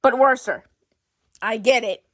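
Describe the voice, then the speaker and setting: A woman performing an improvised skit, switching rapidly between many bickering characters in different voices. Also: fairly high pitch, fairly bright tone, no room sound. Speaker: storyteller voicing every character. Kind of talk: improvised doll-play skit.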